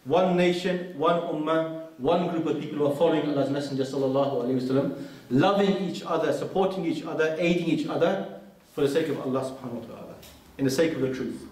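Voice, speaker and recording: In a large mosque hall, a preacher gives an earnest lecture, telling a story and reciting Arabic quotations in a fast, fairly high-pitched voice with a darkish tone. The hall is very echoey, and he stands far from the mic.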